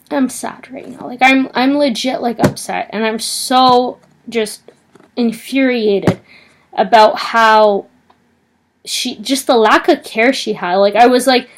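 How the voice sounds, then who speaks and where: A woman's voice: fairly high pitch, noisy background. A young woman vlogging, telling an indignant, agitated story in a casual rant.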